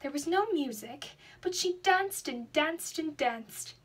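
A young woman reading a children's storybook aloud in an expressive, dramatic way. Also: high-pitched, takes it slowly. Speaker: student reader.

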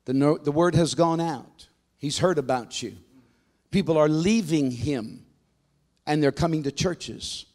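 A man pastor preaching a sermon, telling stories in a dramatic storytelling manner and building to forceful proclamations. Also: a little high, unhurried.

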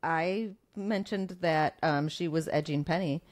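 A woman's voice: sits low, unhurried, background noise. A woman co-hosting a podcast in casual chat, playful and giggly, sometimes reading in a mock-dramatic voice. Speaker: podcast co-host.

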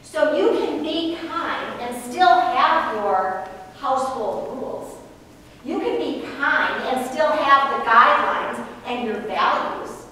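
A woman's voice: high voice, bright, forceful tone, slight background noise. A woman giving an earnest faith-based parenting talk, often asking the audience to agree. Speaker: parenting speaker. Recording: echoey hall from far off.

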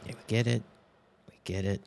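A man's voice: fairly low pitch, fairly even intonation, fairly quick, creaky, heavy background noise. A man casually commenting while playing a horror game, rambling, reading game text aloud and swearing when startled. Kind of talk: casual let's-play commentary.

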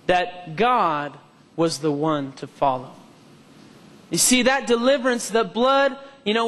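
A man's voice: extremely high pitch, fairly bright tone. A man preaching a sermon in a church hall, mixing personal testimony with scripture and calling for amens from the congregation. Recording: long hall reverb.

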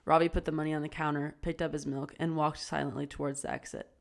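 Casting note: woman narrator, low voice, steady amateur audiobook reading. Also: fast, gravelly. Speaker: audiobook reader.

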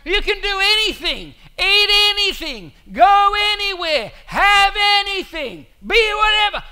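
A man preaching a sermon, telling a story in an animated way with asides to the congregation. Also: very high voice. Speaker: pastor.

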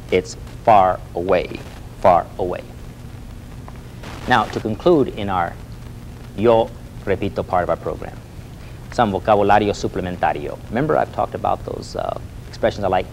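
A man teaching a lively Spanish lesson, repeating phrases for students to echo and coaxing them with a questioning "Hmm?". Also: fairly low pitch, a little hiss or hum. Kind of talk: lively spoken language lesson.

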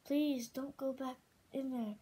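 A woman's voice: sits high, fairly even intonation, slow pace, warm tone, a little hiss or hum, low-quality recording. A woman voicing a frightened young female dragon with visions, talking in a frantic, pleading way.

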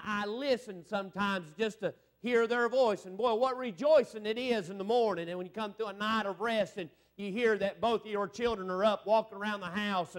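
A high-pitched male evangelist delivers a revival sermon. He is middle-aged, and his preaching swells into fervent, rising exclamations.

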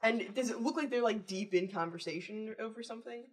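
A woman's voice: fairly high pitch, fairly quick. A woman taking part as a player in a tabletop role-playing game, chatty and laughing easily. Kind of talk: casual tabletop play chat. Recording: distant breathy mic.

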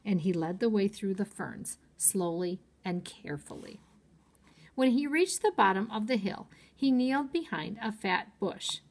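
A woman teacher reads a chapter book aloud to children at storytime, in an expressive mid-range voice. She goes slowly and clearly, pausing to explain words.

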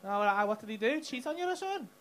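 A man's voice: very high-pitched, sing-song, racing. A man doing cheeky, sweary crowd work on stage at a comedy club. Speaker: stand-up comedian. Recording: live club recording with crowd noise. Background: loud audience laughter.

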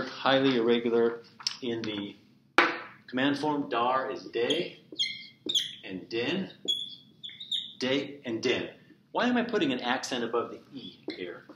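A man's voice: mid-range voice, measured pace, long pauses, muffled recording. A male teacher giving a classroom lecture, walking through examples step by step and repeating each one. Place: empty classroom. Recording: echoey classroom with steady noise.

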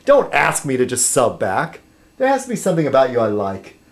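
A man vlogging casually to his subscribers, rambling and halting, with many fillers and restarts as he sips a beer. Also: mid-range voice, huge pitch swings. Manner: chatty while sipping beer.

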